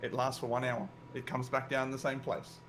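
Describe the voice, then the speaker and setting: A man's voice: medium pitch, flat delivery, a little fast, noisy background. A man playing in a tabletop game, eager and stammering as he explains his moves. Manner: eager, stammering restarts, laughing. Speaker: player. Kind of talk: casual tabletop play.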